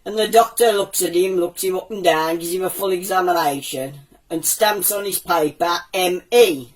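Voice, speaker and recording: A man's voice: high voice, normal speed, far from the mic, rough recording. A man doing a cheeky old Black Country womble. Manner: cheeky joke-teller, does voices for his characters. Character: old male womble puppet telling jokes. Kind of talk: comic puppet storytelling.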